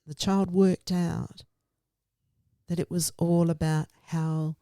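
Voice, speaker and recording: A woman's voice: fairly low pitch, flat delivery, slow, dark tone, dry recording. A woman guest speaker explaining literacy teaching in an earnest, emphatic way, often in lists. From Australia. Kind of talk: conversational explanation.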